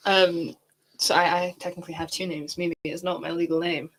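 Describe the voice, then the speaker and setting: A woman's voice: on the low side, level tone, brisk. A woman from Britain hosting a podcast, chatting casually and often saying 'like' as she talks. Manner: chatty, lots of fillers like 'like'. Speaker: podcast host. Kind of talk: casual chat.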